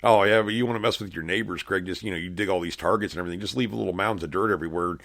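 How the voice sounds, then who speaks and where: Middle-aged male host, very low voice, folksy rambling storyteller, casual show chat. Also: racing, a bit bright. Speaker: podcast host. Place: house room with bare walls.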